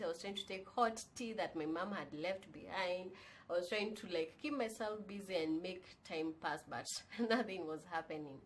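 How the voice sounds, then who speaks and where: A woman's voice: on the low side, slight background noise. Chatty young woman telling her story. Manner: chatty, candid, mixes in Swahili phrases. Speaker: vlogger. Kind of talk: casual personal storytelling.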